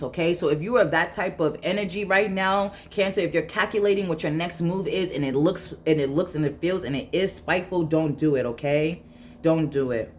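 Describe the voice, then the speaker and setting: Woman, tarot reader, casual reading, lowish voice, repeats herself, blunt. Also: a little hiss or hum.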